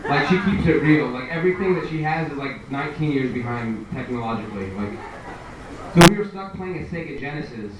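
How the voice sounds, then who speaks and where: A young man does a stand-up set at a live comedy venue, speaking in a medium-pitched, expressive voice at a slightly quick pace. He keeps it conversational and acts out the voices of the people in his stories. The recording comes from far off in an echoey room, with noise.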